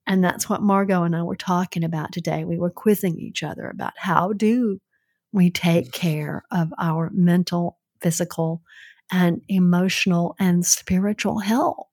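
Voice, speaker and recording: A woman's voice: lowish voice, steady tone, measured pace, darkish tone. A woman with a Southern accent co-hosting a casual podcast with her son, talking in an earnest, reflective way. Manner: earnest, reflective, laughs easily. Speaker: co-host, mother.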